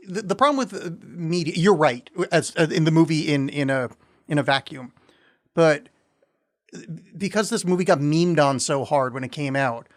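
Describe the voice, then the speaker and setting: A man co-hosting a podcast, chatting casually and sardonically about a movie, with many halting restarts. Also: fairly high pitch. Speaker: podcast co-host. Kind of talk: casual film review chat.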